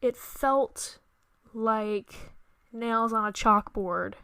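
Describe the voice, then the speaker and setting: A young woman recounts a nightmare at a slow, careful pace, her voice sitting a little high. She tells it earnestly, stopping and restarting as she searches for words. The sound is dry and close, with no room around it. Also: pushed and bright, clean tone, dry recording. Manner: earnest, halting retelling with restarts. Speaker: podcast host. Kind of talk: storytelling monologue.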